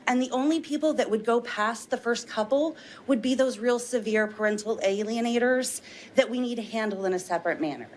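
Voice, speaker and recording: Woman witness, public testimony, earnest persuasive delivery, a touch high-pitched. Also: fairly quick, darkish tone, a little hiss or hum. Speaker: witness testifying at a legislative hearing. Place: legislative hearing room.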